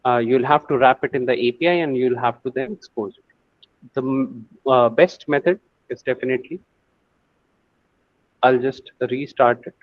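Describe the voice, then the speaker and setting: A man's voice: mid-range voice, moderate pace, pauses often, no room sound, muffled recording. A man teaching a screen-share coding lesson, thinking aloud with many fillers and restarts. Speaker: AI course instructor.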